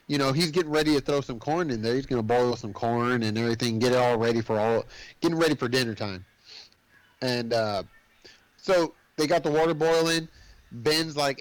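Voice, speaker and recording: Podcast co-host, male, mid-pitched, loose and animated plot recap. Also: brisk, dry recording, rough recording. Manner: rambling, animated retelling with filler words. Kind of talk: casual movie recap chat.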